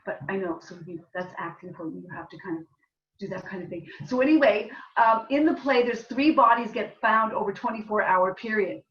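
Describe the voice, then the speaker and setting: A woman's voice: medium pitch, a little fast, fairly bright tone. A woman playwright from Canada telling the story behind her play in a rambling, chatty way. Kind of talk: casual talk at a reading. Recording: distant roomy dull live recording.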